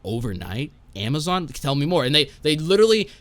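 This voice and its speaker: A man's voice: on the high side, sing-song, brisk, a bit bright, dry recording. A young man, a podcast guest, telling a casual story in a rambling, profane way and tagging his lines with "right?".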